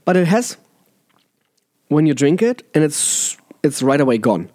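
A man's voice: on the high side, sing-song, measured pace, darkish tone, dry recording, studio quality. A man with a German accent, a water sommelier guest explaining tastings in casual podcast chat. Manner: enthusiastic, explanatory.

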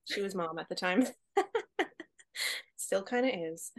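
A woman co-hosting a podcast, telling her story in a relaxed way and laughing easily. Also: mid-range voice, slow pace. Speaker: podcast co-host. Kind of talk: casual podcast chat.

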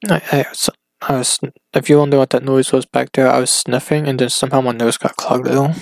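A man rambles through his solo podcast from home in a gravelly voice that sits in an ordinary mid range. He stops and restarts his sentences often and fills the gaps. The sound is close and dry, with no room echo. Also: medium pitch, level tone. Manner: hesitant, halting, full of restarts and fillers. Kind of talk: rambling casual monologue.

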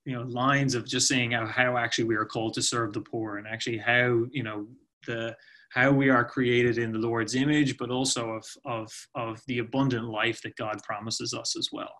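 Halting, thoughtful male podcast guest. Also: medium pitch, level tone, sharp tone. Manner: thoughtful, halting, many "you know"s. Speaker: nonprofit ministry guest. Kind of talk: podcast interview answer.

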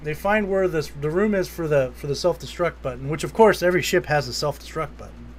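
Male co-host, higher register, lively casual recapper who acts out quotes. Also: a little fast, a little hiss or hum. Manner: animated retelling, quotes lines in put-on voices. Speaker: podcast co-host. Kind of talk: casual movie recap chat.

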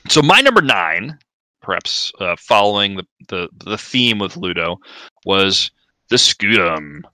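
Deep-voiced man, halting casual talk. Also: very animated, bright, forceful tone, no room sound. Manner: halting, with many fillers and repeated words. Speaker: podcast co-host. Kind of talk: casual card game discussion.

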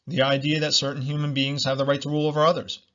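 A man's voice: mid-range voice, completely flat delivery, very fast, bright, forceful tone, muffled recording. A man hosting a solo podcast, talking bluntly, repeating himself and swearing freely. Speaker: podcast host.

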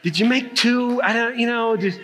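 A man's voice: very high-pitched, normal speed, very noisy. A man voicing Moses as a sheepish, stammering adult man sheepishly apologizing.

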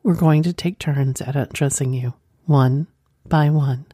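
A woman reading the part of a composed, confident male stranger who speaks in a measured, formal way. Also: deep voice, dark tone, slightly rough, no room sound, studio quality.

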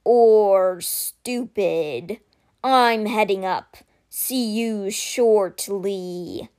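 A woman reading aloud, voicing a huge proud male stone statue of a winged cat in a slow, deliberate, dry way. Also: medium pitch, darkish tone.

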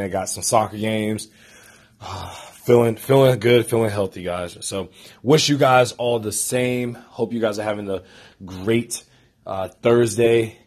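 A young man talking to his camera in a casual vlog, excitable and emphatic, often jumping to high, animated peaks, still recovering from a headache. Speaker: vlogger.

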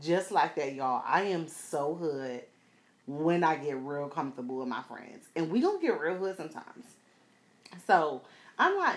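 A woman's voice: low voice, unhurried. A woman in her thirties from South Florida, telling a personal story casually to viewers, with lots of laughter and slang. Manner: animated, laughs often, slangy, addresses viewers.

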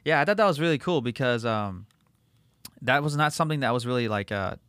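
A man's voice: mid-range voice, animated, brisk, fairly bright tone, no room sound, clean studio sound. A man, hosting a podcast and telling a rambling, profane story with lots of fillers. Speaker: podcast host. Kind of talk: casual chat.

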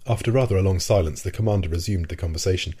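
A man narrating a classic novel in a calm, even storytelling manner. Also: low voice, racing, breathy edge. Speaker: audiobook narrator. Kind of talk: scripted narration.

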